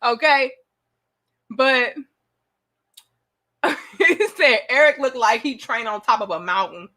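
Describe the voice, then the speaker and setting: A woman's voice: fairly high pitch, takes it slowly, sharp tone. A young woman hosting a casual live-stream chat, playful and teasing, laughing often. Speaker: host.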